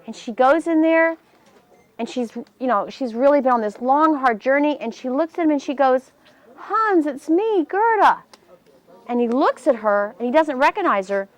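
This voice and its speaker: A woman telling a fairy tale to children, animated and voicing the characters as she goes. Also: normal speed. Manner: animated, voices the characters with big pitch jumps. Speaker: storyteller.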